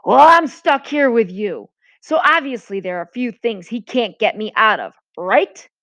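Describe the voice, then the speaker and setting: A woman's voice: sits high, big pitch swings, normal speed, pitched above the performer's own voice. A woman doing a spoiled sarcastic rich boy. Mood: angry. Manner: sarcastic, boastful. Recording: dull lo-fi recording.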